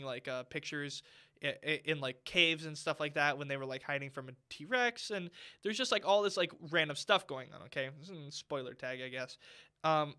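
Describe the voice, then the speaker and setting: A man's voice: sits high, pushed and bright. A man co-hosting a podcast, giving a rambling, emphatic casual movie review. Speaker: podcast co-host. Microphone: studio microphone.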